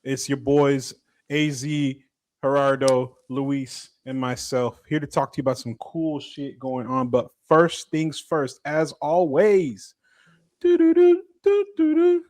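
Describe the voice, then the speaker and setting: A young man co-hosting a casual podcast, animated and loose with slang and swearing. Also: mid-range voice, slow pace, no room sound. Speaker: podcast co-host. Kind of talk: casual chat.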